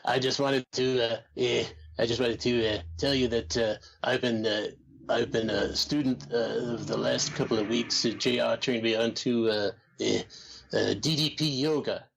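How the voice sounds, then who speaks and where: Man putting on an old man voice, gravelly, slow, halting, rambling, mid pitch. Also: fairly even intonation, a little hiss or hum, close to an everyday voice. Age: older. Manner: slow, halting, full of uh's. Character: old gravelly male wrestling trainer, rambling. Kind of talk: comedy podcast impression.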